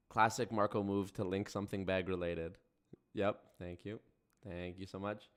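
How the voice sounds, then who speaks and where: A man's voice: sits low, flat delivery, normal speed, clear, resonant tone. A young man hosting a livestream, talking in a sarcastic, profane, rambling way. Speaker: livestream host. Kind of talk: casual stream commentary.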